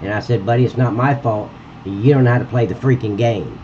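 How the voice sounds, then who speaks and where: A man with a mid-range, mellow voice talks a little fast while livestreaming and editing a game map, chatting to viewers. He's blunt and profane, cursing freely as he rants at a critic. The sound is lo-fi with a little hiss or hum.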